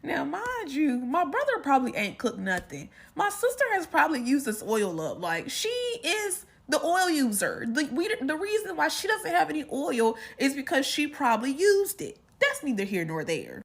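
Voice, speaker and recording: A woman's voice: high voice, wildly swooping pitch, normal speed, vocal fry, few pauses. A woman telling a family holiday story in a casual storytime, chatty and full of asides.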